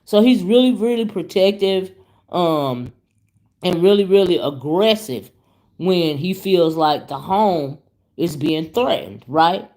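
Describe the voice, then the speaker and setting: Her voice is fairly low and she talks slowly. She's a YouTube commentary host sharing a casual story on her vlog, animated and chatty, referring to viewers as "y'all" and "child."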